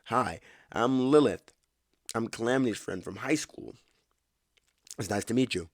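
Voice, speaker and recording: A man's voice: medium pitch, measured pace, no echo, studio quality, voice pushed up. A man voicing a cheerful young woman who introduces herself in a friendly way.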